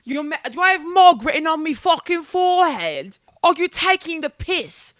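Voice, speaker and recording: A high, squeaky-voiced young British woman in full theatrical outrage, swearing and sulking over nothing, as a woman puts her on in a comedy podcast. The sound is dry and close. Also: big pitch swings, moderate pace, dry recording. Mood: mock outrage. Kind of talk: comedic impression in a podcast monologue.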